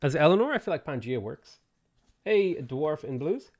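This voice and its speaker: A man's voice: fairly high pitch, very animated, darkish tone. Guy streaming a game, reading off chat names and saying hi, voice bouncing up and down a lot, loose and chatty. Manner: greets chat viewers by name between game setup remarks; quick offhand answers to viewer questions. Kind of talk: casual live-stream chat.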